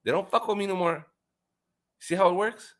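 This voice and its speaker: A man in a casual group chat, ranting loudly with constant swearing and stammered repeats, his pitch jumping whenever he gets riled up. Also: moderate pace. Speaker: chat participant. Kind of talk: casual profane rant.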